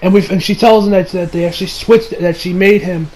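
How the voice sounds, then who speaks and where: A high-voiced man rambles through a casual anime review at home. He leans on fillers and restarts and swears freely. A faint hiss of noise sits under the recording. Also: fairly even intonation, brisk, a little mellow, poor audio.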